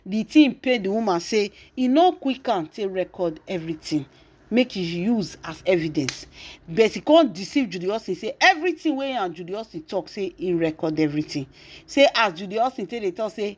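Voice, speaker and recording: A woman's voice: on the high side, expressive, fairly quick. A woman with a Nigerian accent hosting a celebrity gossip channel, retelling the story dramatically with exclamations and acted-out quotes.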